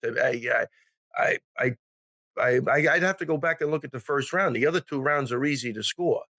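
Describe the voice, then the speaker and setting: A man with a New York accent, a guest on a fight podcast, talking bluntly in a halting way with many restarts and some swearing. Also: medium pitch, sharp tone, dry recording. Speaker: guest, MMA coach. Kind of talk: casual sports chat.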